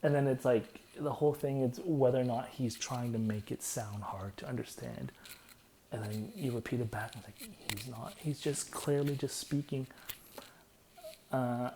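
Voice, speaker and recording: Excitable guy doing a goofy lyric breakdown, laughs a lot, mid pitch, bit of hiss. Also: normal speed. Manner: excitable, laughs often, keeps breaking into quoted lines. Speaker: comedic lyric breakdown host. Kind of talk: casual comedic commentary.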